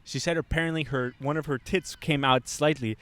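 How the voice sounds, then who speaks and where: A man's voice: on the high side, fairly quick. A young man co-hosting a podcast, telling a long rambling story in casual chat, swearing often and acting out the lines of the people in it. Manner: rambling, animated, swears a lot, acts out quotes. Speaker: podcast co-host. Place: Montreal.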